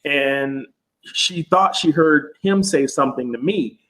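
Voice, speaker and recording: A man in casual podcast chat, an animated storyteller who swears freely and acts out quotes in raised voices. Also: fairly high pitch, takes it slowly, rough recording.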